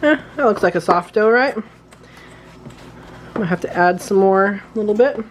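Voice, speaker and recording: A woman talks through a recipe in her home kitchen, chatty and easygoing, with the occasional hiccup breaking in. Her voice sits at an everyday middle pitch, and faint noise hums behind her. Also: lively intonation, normal speed. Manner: chatty, talks while working, apologizes for hiccups. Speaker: home cooking channel host. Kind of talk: casual cooking demonstration.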